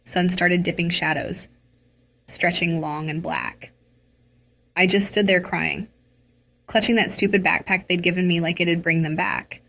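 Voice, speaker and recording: Woman narrator for a dramatic personal story; slow and low. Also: fairly even intonation, gravelly, a bit bright.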